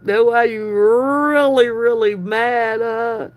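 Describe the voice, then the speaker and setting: Slow, taunting woman streamer. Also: fairly high pitch, steady tone. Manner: taunting, laughs often, drawn-out teasing repeats; profane, slangy street talk. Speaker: livestream host. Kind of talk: mocking reaction commentary.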